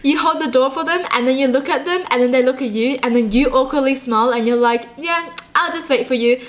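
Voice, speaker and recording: High-voiced woman hosting a chatty vlog. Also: fairly even intonation. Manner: chatty and self-mocking, quick asides. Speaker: YouTube host. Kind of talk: casual reaction vlog.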